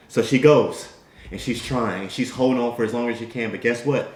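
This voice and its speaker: A man's voice: mid-range voice, fairly quick. Guy doing a motivational talk, keeps saying right? and you know, echoey room. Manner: animated storyteller acting out quoted characters. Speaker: motivational speaker. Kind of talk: motivational storytelling monologue.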